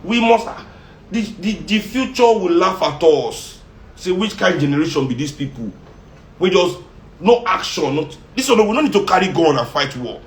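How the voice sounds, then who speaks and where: Fiery Nigerian man with a high voice in a roomy, echoey space, impassioned speaker who mixes in pidgin. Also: expressive, moderate pace. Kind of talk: impassioned monologue. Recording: roomy echo.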